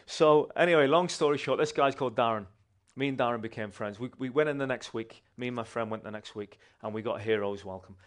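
A man, a church member giving a personal testimony in an animated, conversational way with restarts. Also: medium pitch, quick pace.

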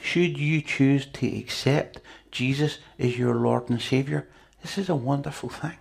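Male preacher, conversational sermon delivery, husky with gravel. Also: medium pitch, measured pace. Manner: conversational, chatty with asides to the congregation.

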